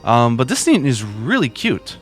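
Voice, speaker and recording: A man's voice: mid-range voice, huge pitch swings, measured pace, faint music behind. A man hosting a video and reviewing plush toys in a chatty, casual way, with lots of asides. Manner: chatty, with many fillers and asides.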